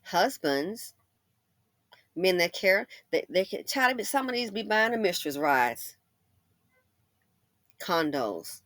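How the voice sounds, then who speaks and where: A woman hosting a casual commentary monologue, animated and sassy, acting out imagined conversations in shifting voices. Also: lowish voice, slow pace, pauses often, dry recording. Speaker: commentary channel host.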